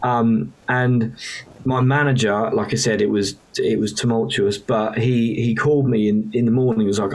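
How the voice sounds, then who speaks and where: A man's voice: mid-range voice, fairly even intonation, moderate pace, darkish tone. A man, a musician guest, frankly recounting a hard time in an emotional, casually profane way. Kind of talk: candid storytelling.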